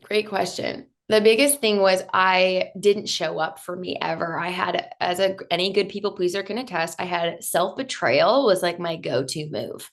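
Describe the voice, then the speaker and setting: A woman in her late thirties, a podcast guest, candidly telling her own story in an animated way and acting out her past thoughts. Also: lowish voice, normal speed, few pauses. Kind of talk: interview storytelling.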